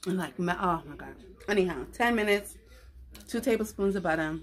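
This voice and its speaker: A woman's voice: on the low side, brisk. Slangy, giggly woman vlogging a mukbang. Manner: relaxed, slangy, giggly, talks while eating. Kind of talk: casual eating chat to camera. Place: at home, indoors. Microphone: camera close to her face.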